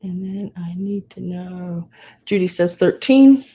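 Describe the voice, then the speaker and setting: A woman's voice: on the low side, slow pace, dark tone, husky. A woman running a live online sale, chatting casually and calling to bidders by name. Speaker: live auction seller.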